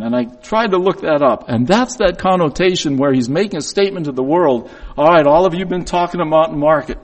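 A man's voice: on the high side, lively intonation, moderate pace, low-quality recording. A man preaching a reflective, confessional sermon, reading scripture and acting out the voices in it.

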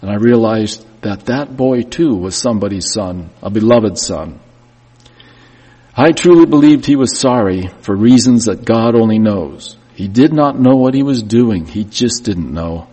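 A man's voice: on the low side, lively intonation, measured pace, warm tone, slightly rough. A man preaching a sermon and telling a hard story in the first person, his voice swelling and dropping with emotion. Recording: long reverb of a church hall.

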